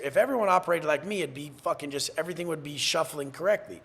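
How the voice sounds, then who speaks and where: Blunt, profane man with a husky voice. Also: a little high, quick pace, a bit bright. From San Diego, USA. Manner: profane, blunt and intense, acting out quoted exchanges. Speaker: guest. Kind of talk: podcast interview.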